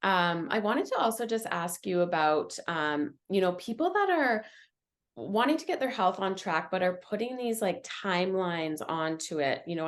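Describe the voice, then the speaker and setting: A young adult woman hosting a podcast as a nutrition coach, chatting agreeably and often pausing with um and you know. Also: fairly low pitch. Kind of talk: casual podcast conversation.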